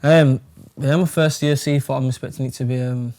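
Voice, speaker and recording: Young man, flat monotone delivery, rambling casual chat, loose swearing. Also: mid-range voice, fairly quick. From England. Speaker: fighter. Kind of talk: casual interview.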